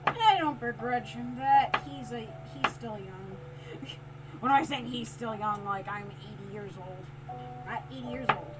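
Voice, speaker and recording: A woman livestreams herself making soap, chatting casually, laughing a lot and reading the chat aloud. Her voice is fairly high and unhurried, with lofi music playing in the background.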